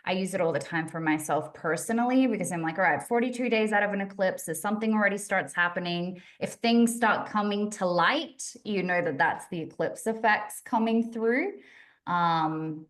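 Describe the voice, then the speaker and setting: A woman with a slightly low voice talks as an astrology guest in a relaxed chat. She thinks aloud as she goes and often stops to correct herself. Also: normal speed. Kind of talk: casual chat.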